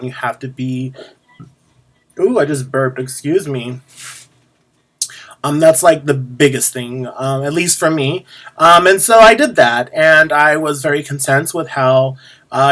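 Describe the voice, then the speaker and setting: A man, a drag performer, chatting casually to camera in a rambling, sassy way with many pauses. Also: on the high side, bright, forceful tone. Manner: rambling, lots of ums and restarts.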